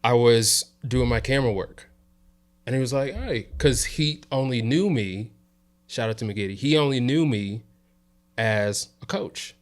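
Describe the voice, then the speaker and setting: A man from the South Side of Chicago, a guest on an interview show, telling a work story in a relaxed way and checking in with "you know" and "right?". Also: medium pitch, measured pace. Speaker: interview guest, videographer and coach. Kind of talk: casual storytelling chat.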